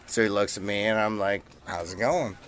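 A man's voice: fairly low pitch, normal speed, fairly bright tone, slight background noise. A man casually telling a story as a guest on a talk show, laughing now and then. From Canada. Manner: laid-back anecdote teller, laughs while talking.

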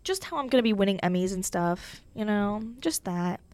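A woman's voice: medium pitch, expressive, moderate pace, darkish tone, clean tone, no echo. Chatty young woman, dry close sound. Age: young adult. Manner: chatty, filler-heavy, self-mocking humor. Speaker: podcast host. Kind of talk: casual solo podcast chat.

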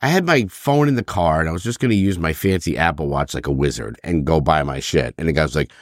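A man in his fifties co-hosting a podcast, telling profane, animated stories and acting out the voices of other people. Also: a bass voice, quick pace, no room sound, clean studio sound. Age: 50s. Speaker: podcast co-host. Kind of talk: casual chat.

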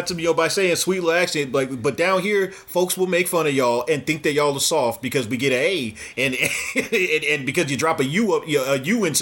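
Lively man, animated laugh. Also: on the high side. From United States. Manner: animated, laughing, stammering restarts. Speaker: podcast co-host. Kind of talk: casual sports podcast banter.

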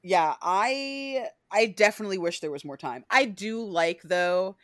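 Bright-voiced woman, animated podcast chat. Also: medium pitch, unhurried, no room sound, clean studio sound. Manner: animated, many fillers, acts out scenes. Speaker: podcast host.

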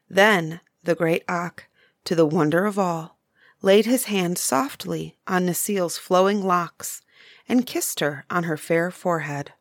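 A woman narrating a bedtime story, softly and unhurried. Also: lowish voice, no echo, studio quality.

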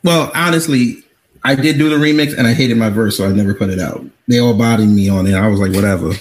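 A man as a guest artist chatting casually, relaxed and candid. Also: lowish voice, fast, slightly rough, poor audio. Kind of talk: casual chat.

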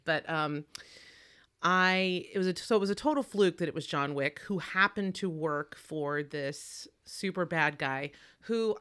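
Smooth low-voiced chatty woman. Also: a bit bright. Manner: chatty, opinionated, swears freely. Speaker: podcast co-host. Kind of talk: casual movie chat.

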